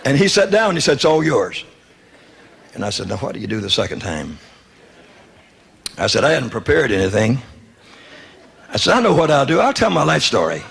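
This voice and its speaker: Gravelly man preaching folksy testimony. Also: medium pitch, very animated, moderate pace, pauses often. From Southern United States. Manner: folksy, humorous, wry storytelling with quoted dialogue. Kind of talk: sermon testimony storytelling.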